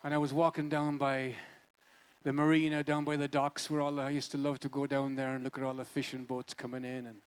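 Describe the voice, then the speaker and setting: A man's voice: mid-range voice, level tone, brisk, clean tone. A man fronting a band, telling a rambling, jokey and wistful story on stage between songs. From Ireland. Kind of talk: stage banter and storytelling at a live concert. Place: live music venue.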